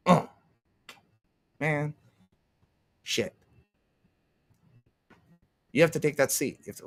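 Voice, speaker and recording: A man's voice: on the high side, slow, pauses often, fairly bright tone. A man ranting on a livestream, profane and sarcastic, laughing often and answering his chat. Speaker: streamer.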